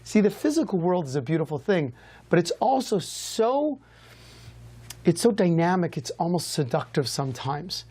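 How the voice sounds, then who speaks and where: A man, a rabbi hosting a TV show, answering viewers' questions in a lively, conversational teaching style. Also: high-pitched, moderate pace, breathy edge. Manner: lively, conversational, varies pace a lot.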